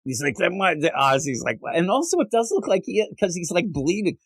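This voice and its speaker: Animated, high-voiced man reviewing comics. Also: brisk, husky, no echo. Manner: animated, laughs often, acts out characters' lines. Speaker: podcast co-host. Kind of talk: casual comic book review chat.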